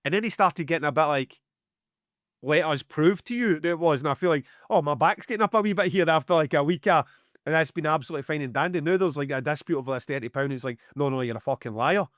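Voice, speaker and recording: Telling a story on the podcast he co-hosts, this middle-aged music promoter from Scotland is animated, curses freely, and performs the dialogue for both parties. He speaks quickly in a fairly high voice, recorded in studio quality with no echo.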